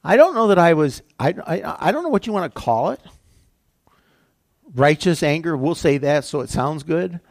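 Older guy preaching, gravelly, a bit high pitched, chatty and storytelling. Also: lively intonation, moderate pace, dry recording, studio quality. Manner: conversational, storytelling with self-corrections. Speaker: pastor. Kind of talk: sermon.

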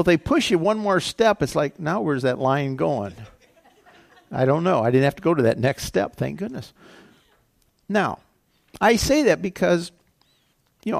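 Older guy preaching, gravelly, a bit high pitched, chatty and storytelling. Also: dry recording, studio quality. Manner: conversational, storytelling with self-corrections. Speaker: pastor. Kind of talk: sermon.

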